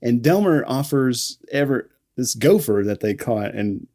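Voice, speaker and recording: A man's voice: mid-range voice, animated, moderate pace, warm tone. A man co-hosting a film podcast, talking in a rambling, enthusiastic way and laughing often. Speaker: podcast co-host. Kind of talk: casual film discussion podcast.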